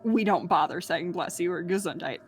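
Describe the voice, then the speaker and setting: A woman's voice: fairly low pitch, moderate pace, slightly rough, faint music behind. A woman chatting casually as a player at a tabletop game, telling short stories plainly.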